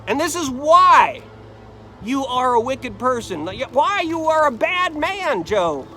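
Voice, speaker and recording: A man voicing a scornful, high-pitched accuser. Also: very animated, slow, bright, forceful tone, a little hiss or hum, heavily acted. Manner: accusing, emphatic. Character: scornful male accuser berating a suffering man.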